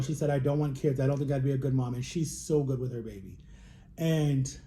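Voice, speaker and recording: A man's voice: fairly high pitch, mellow. A man in his thirties talking openly and emotionally in a personal vlog, with emphatic repetitions. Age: 30s. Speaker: vlogger.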